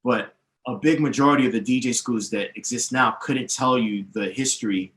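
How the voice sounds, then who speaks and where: Recorded in an echoey, roomy space with a little hiss or hum, a male DJ teacher speaks as a podcast interview guest. His mid-range, slightly bright voice moves at normal speed while he confidently and emphatically lays out names and history at length.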